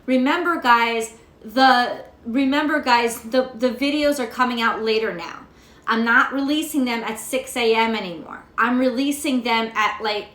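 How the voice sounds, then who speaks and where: Woman from the US, tarot reader, rambling profane rant, fairly high voice, echoey room. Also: fairly bright tone. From United States. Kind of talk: casual tarot vlog.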